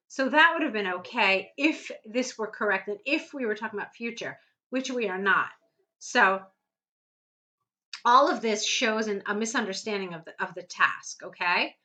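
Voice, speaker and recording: Patient female writing tutor, clear bright tone, walks through corrections step by step. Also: mid-range voice, moderate pace, low-quality recording. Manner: patient, explains step by step, reads student text aloud. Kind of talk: essay correction lesson.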